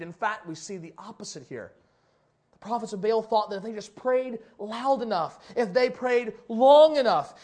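A preacher with a very high voice delivers a sermon, acting out the people he quotes. He swings from loud, shouted lines to quiet, drawn-out ones. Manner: dramatic, voices characters, swings from loud to hushed. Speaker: pastor.

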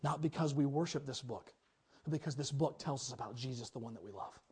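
A man preaching a sermon as pastor, telling stories with big swings in pitch and loudness, then dropping low and quiet to urge his listeners. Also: quick pace, breathy edge. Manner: drops to a low, quiet, earnest tone for exhortation.

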